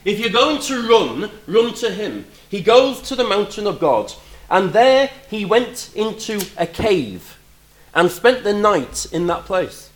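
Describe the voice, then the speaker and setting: A man preaching a sermon, animated, moving between loud emphatic lines and quiet, reflective asides. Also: sits high, slow, echoey room, low-quality recording.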